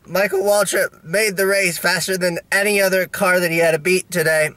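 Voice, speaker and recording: A man vlogging in a halting, rambling way, full of restarts and fillers, with a melodramatic, self-pitying tone. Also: high-pitched, flat delivery, bright, forceful tone, no room sound. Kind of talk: rambling video diary.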